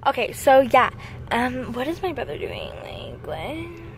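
A woman's voice: high-pitched, very animated, unhurried, background noise. A woman talking casually to camera for her vlog, loose and chatty, recorded on a phone or handheld camera. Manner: chatty, loose, full of "like" and "so yeah". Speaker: vlogger.

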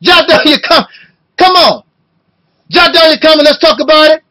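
Loud, emotional high-voiced man. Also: animated, unhurried, low-quality recording. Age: 50s. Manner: loud and emotional, rhetorical questioning. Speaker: video blogger. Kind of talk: impassioned video rant.

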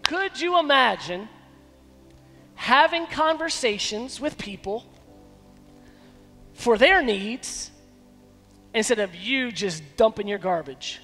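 A man preaching a sermon as pastor, emphatic, with dramatic pauses. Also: very high voice, expressive, sharp tone, in a large hall, faint music behind. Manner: acts out quoted dialogue in shifting voices. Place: church sanctuary.

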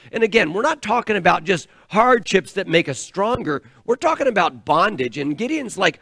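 A high-pitched man with a gravelly edge preaches an earnest, emphatic sermon, stumbling over fillers and restarting his phrases. The sound is close and dry, with little room around his voice. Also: animated, moderate pace, hardly any pauses, a bit bright, dry recording. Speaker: pastor. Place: church.

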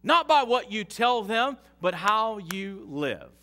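A man preaching an interactive sermon in a church, joking with the congregation and rising to slow, loud emphasis. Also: sits high, very animated, soft background music. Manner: jokes with the congregation, leads call-and-response reading. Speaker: pastor. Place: church sanctuary. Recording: long hall reverb.

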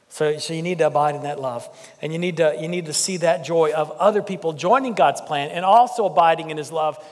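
Animated pastor in reverberant church. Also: male voice, a little high. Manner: animated, jokey with the congregation. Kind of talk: sermon. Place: church sanctuary.

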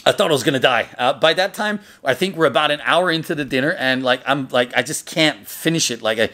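A man's voice: on the high side, quick pace. Chatty man telling a story loosely. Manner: chatty, loose, filler-heavy, with loud acted shouts in quotes. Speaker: memoir narrator. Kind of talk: casual spoken storytelling.

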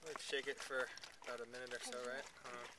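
A man's voice: mid-range voice, little pitch movement, quick pace, heavy background noise. A man explaining camp chores in casual talk while out hiking on a mountain trail. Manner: explains steps as he goes. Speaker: hiker filming a trip. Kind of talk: casual outdoor chat.

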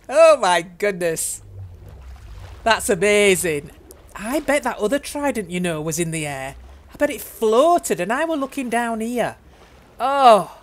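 An older woman talks her way through a video game, excitable and chatty with herself. Her pitch swings widely between cries of delight and quiet mutters. A faint noise sits under the recording. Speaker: gaming YouTuber. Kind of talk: game commentary.

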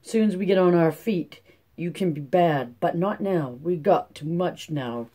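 A man's voice: a little high, a little slow, mellow. A man voicing a weary, stern poor farm mother, speaking in a rural drawl. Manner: rural drawl, firm but tired.

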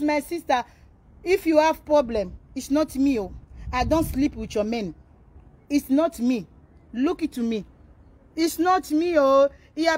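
A woman's voice: sits high, a little mellow. A woman ranting to camera, pleading and repeating herself as she switches between languages. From Congo. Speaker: vlogger answering a rival. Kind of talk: emotional direct-to-camera rant.

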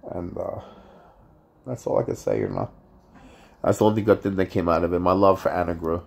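A man with a very low voice is vlogging to his viewers, plainly upset and frustrated. He rambles and halts, filling gaps with "you know" and "uh" and restarting his thoughts. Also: very animated, vocal fry. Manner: halting, many fillers and restarts. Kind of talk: casual vlog monologue.

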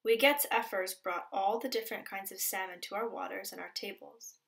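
A woman from the Pacific Northwest coast, a teacher, reading a storybook aloud in a gentle, expressive way and sometimes dropping to a soft whisper. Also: medium pitch, moderate pace, creaky.

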